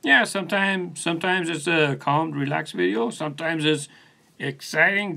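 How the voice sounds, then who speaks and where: Gravelly, bright-voiced man chatting loosely. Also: fairly high pitch, moderate pace. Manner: laid-back, rambling, answers viewers by name. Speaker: channel host. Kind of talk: casual live stream chat reading comments. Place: his studio. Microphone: phone on a post.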